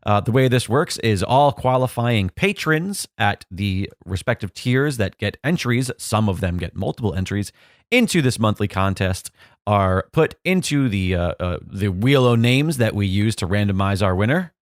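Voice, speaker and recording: A man who produces a podcast, talking in a relaxed, casual way with frequent "uh" fillers. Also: on the low side, moderate pace, no echo, studio quality. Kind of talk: casual chat.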